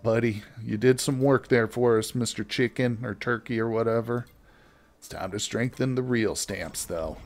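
A man giving casual, chatty gameplay commentary as a let's play host, joking with his viewers as he plays. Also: lowish voice.

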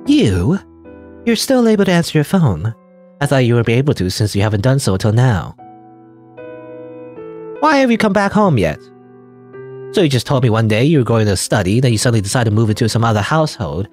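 A man's voice: medium pitch, very animated, a little fast, pauses often, a little mellow, soft background music, voice pushed up. A man voicing a hysterical, abusive middle-aged mother who scolds shrilly and begs through tears in a game. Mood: scolding.

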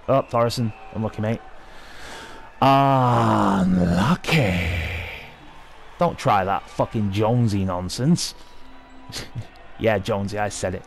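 A young man giving excitable, sweary live commentary over his own hockey video game match. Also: lowish voice, measured pace, creaky, pauses often, faint music behind. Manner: sweary, excitable, talking at the screen. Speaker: gaming video host.

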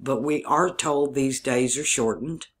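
This video channel host, a man from Mississippi with a Southern drawl, talks at an unhurried pace in a medium-pitched voice that's a bit bright and slightly rough. He rambles alone, thinking aloud and spelling words letter by letter.

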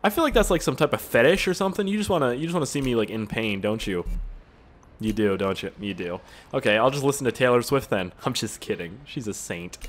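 A man's voice: medium pitch, fast. A man in his twenties doing gameplay commentary, rambling off-topic and joking crudely with plenty of swearing. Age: 20s. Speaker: gaming YouTuber.

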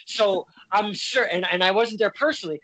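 A man's voice: high-pitched, moderate pace, a bit bright, dry recording, poor audio. A man hosting a casual interview, speaking politely with frequent stumbles and restarts. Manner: hesitant, stumbling, polite phrasing. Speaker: interview host.

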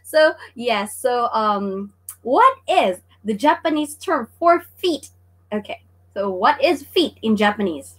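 A woman's voice: fairly high pitch, sing-song, takes it slowly, slightly rough. A woman hosting a livestream Japanese lesson, bubbly and laughing often as she greets viewers by name. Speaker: online Japanese teacher.

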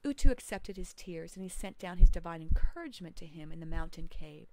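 A woman's voice: lowish voice, lively intonation, a little mellow, no room sound, rough recording. Woman reading history aloud in a dry room. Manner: measured, explanatory, adds side comments. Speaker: homeschool teacher. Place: home.

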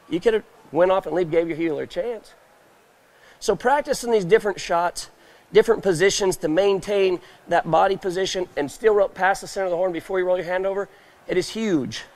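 A high-pitched man with a drawl teaches roping on a trade show stage. His talk is folksy, and he keeps firing questions at the crowd and acting out little scenes. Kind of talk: live demonstration talk to a crowd. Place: indoor trade show stage, live audience.

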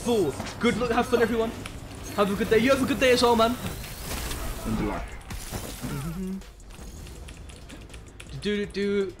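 A young man from Birmingham with a Birmingham accent, chatting excitably and in slang while streaming a game. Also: high-pitched, takes it slowly, long pauses, music in the background. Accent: Birmingham English. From Birmingham, England. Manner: excitable, slangy, many hums of agreement. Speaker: live streamer. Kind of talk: casual gaming stream chat.

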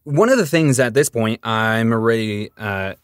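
Guy with a lowish voice telling voice acting stories on a podcast, acts out the conversations, dry close mic. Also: lively intonation, normal speed, clean tone, no echo. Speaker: voice actor guest. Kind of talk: casual podcast interview.

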